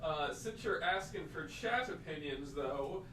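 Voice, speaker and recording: A man in casual chat reading out audience poll results with a relaxed, chuckling manner. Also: fairly high pitch, measured pace, recorded from a distance, slight background noise. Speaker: player reading chat polls. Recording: echoey room, off-mic.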